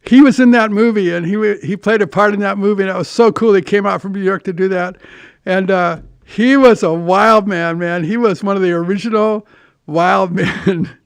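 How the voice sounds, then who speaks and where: An older man hosts his own podcast, spinning loose, rambling stories full of restarts and the odd curse. His voice sits high and comes across smooth and clear. The recording is dry and close, with no room sound. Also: fairly even intonation, moderate pace, no echo. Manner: rambling anecdotes with restarts and profanity. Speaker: podcast host. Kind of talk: casual storytelling monologue.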